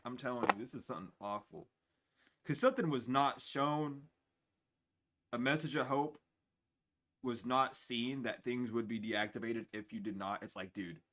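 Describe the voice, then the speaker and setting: A tarot reader in his twenties does a casual spiritual reading to the camera mic, speaking at a normal speed with a mid-range voice and frequent pauses. He's blunt, profane, and animated, acting out other people's voices while sounding tired and hiccuping.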